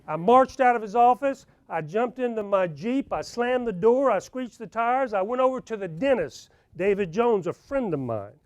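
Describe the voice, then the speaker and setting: A man's voice: high voice, animated, moderate pace, few pauses, no room sound. A middle-aged man giving a conference talk, telling a personal story and acting out the dialogue. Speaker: conference speaker.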